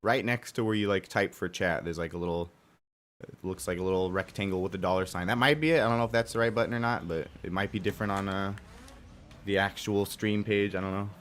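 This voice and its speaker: A young man streaming a racing game live, talking casually and profanely while he plays, with a hoarse, strained voice and sudden loud outbursts. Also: low-pitched, quick pace, a little hiss or hum. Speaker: gaming streamer.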